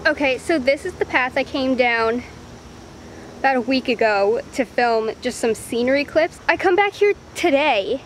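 A woman's voice: high voice, animated, moderate pace, a little hiss or hum. A young woman vlogging outdoors in the woods, out of breath and chatting in a rambling way about her dance shoot. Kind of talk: casual vlog chat.

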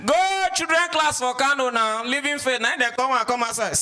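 A man with a Nigerian accent doing loud, animated stand-up comedy and switching into acted voices as he tells stories. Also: very high-pitched, fairly quick. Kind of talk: stand-up comedy in Pidgin English.

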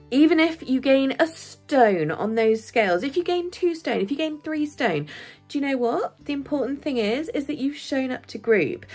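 A woman talks casually to her camera in a husky, slightly breathy voice. She rambles with plenty of fillers and breaks into nervous laughter, sounding close to tears at times. Faint music plays quietly behind her. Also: mid-range voice. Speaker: vlogger.

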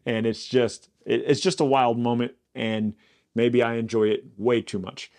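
A pastor leads a Bible study, retelling scripture with jokes and lively storytelling. He builds to loud, exasperated peaks, and his voice stays at an ordinary middle pitch. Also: moderate pace. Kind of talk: Bible study podcast teaching.

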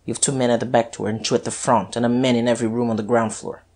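Reader doing husky low detective, terse and guarded, audiobook. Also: male voice, little pitch movement, fast, darkish tone, natural voice. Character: Guerchard, tense, husky male police detective.

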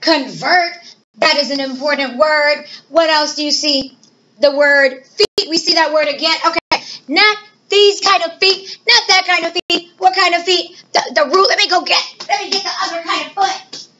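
A woman teacher giving a recorded math lesson to children, playful and animated, asking questions and answering them herself. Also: very high voice, moderate pace, lo-fi sound, background noise.

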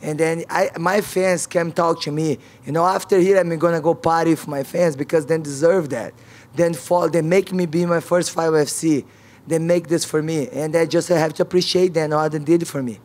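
A woman's voice: low-pitched, fairly even intonation, moderate pace, darkish tone. A woman fighter at a press conference, speaking frank, non-native English with broken grammar and repeated key words.

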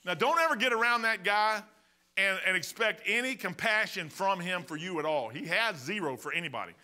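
A man in his sixties with a Midwestern American accent, preaching a sermon as pastor, telling stories with swings from loud outbursts to quiet asides. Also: sits high, lively intonation, fairly quick. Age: 60s.

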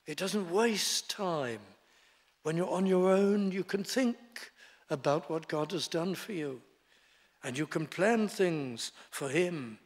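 A man, preaching a sermon as pastor in a deliberate, emphatic way. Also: a little high. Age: 70s. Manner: deliberate, emphatic preaching with short declarative lines. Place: church sanctuary. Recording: long reverb in a large hall.

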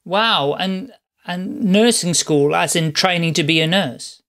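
A man's voice: sits high, takes it slowly, fairly bright tone. A man hosting an interview, encouraging his guest and summing up her points in casual chat. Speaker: podcast host.

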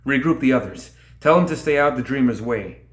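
A man's voice: lowish voice, normal speed, fairly bright tone, close to an everyday voice. Man voicing a defiant warrior queen. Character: defiant nephilim queen, woman, stern and proud. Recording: roomy echo.

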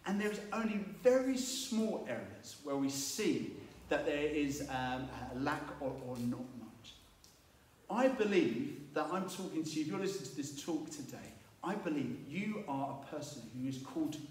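A man preaching a sermon, telling Bible stories with lively acted-out voices. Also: a little high, a little slow, a little hiss or hum. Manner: animated storytelling, acting out biblical voices. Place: church. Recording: echoey room, mic at a distance.

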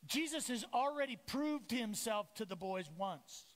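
High-voiced pastor in an echoey church. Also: male voice, unhurried. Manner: animated, acts out voices of the disciples and Jesus. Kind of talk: lively sermon. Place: church sanctuary.

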